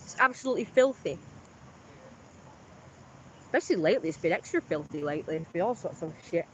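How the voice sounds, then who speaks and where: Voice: mid-range voice, expressive, fairly quick, slight background noise. A person, vlogging outdoors by a canal in a chatty, boastful, wandering monologue. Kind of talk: casual rambling monologue. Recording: slightly muffled outdoor recording, faint background.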